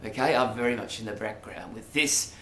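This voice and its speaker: A man's voice: lowish voice, a little fast, bright, forceful tone. An Australian man vlogging in a rambling, hesitant monologue full of ums and asides. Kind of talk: casual monologue to camera. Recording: roomy echo, faint background noise.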